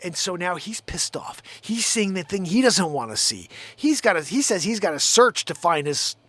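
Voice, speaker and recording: A man's voice: sits high, sing-song, moderate pace, a bit bright, dry recording. A man hosting his own show, ranting in a heated, profane, rambling way. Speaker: show host. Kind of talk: live-stream rant.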